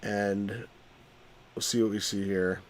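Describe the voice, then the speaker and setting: A man's voice: fairly low pitch, fairly even intonation, takes it slowly. A man hosting a live game stream, rambling casually and poking fun at himself while chatting with viewers. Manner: rambling, self-mocking, chuckles often.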